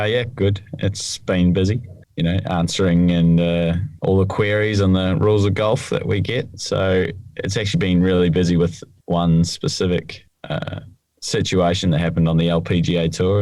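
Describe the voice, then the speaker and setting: Low-voiced man explaining rules. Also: steady tone, normal speed, darkish tone, no room sound. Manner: plain, explanatory. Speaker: podcast co-host, rules expert. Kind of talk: casual chat.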